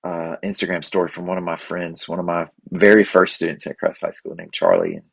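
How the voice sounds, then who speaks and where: A man with a deep voice hosts his own show, thinking out loud in a halting, earnest way. His voice is husky and dry, recorded close with no room sound. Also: very animated, no room sound. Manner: halting, many restarts and fillers, earnest. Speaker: podcast host. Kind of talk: unscripted reflective monologue.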